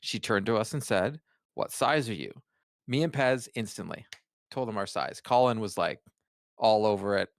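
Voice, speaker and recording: A man's voice: fairly low pitch, animated, moderate pace, creaky, no echo, clean studio sound. A man with a Boston accent, co-hosting a podcast and telling rambling stories in casual chat. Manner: rambling storyteller with many restarts. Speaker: podcast co-host.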